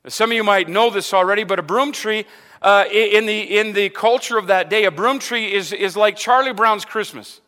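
Big-room acoustics surround a high, pushed, bright voice delivered at normal speed. The speaker is a pastor from Arizona, preaching casually with plenty of "amen" fillers and repetitions.

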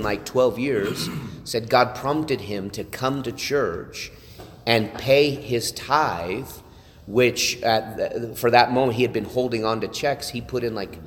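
A man of medium pitch speaks to a gathered group in a hall with a long, ringing reverb. He tells his story earnestly and conversationally, restarting his sentences and dropping in "right?" as he goes. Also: slight background noise. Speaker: church leader sharing testimony. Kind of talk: testimony talk to a church group.

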